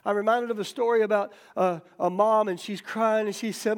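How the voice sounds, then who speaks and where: A man's voice: sits high, steady tone, fairly quick, smooth. A middle-aged male pastor giving a folksy, joking sermon, checking in with "okay?" and "right?" and acting out the voices in his stories. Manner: acts out quoted voices in stories.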